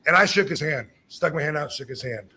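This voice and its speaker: A man's voice: a little high, animated, brisk, sharp tone, husky. A man in his fifties, from the United States, casually telling a story as a podcast host, acting out quoted lines and swearing freely.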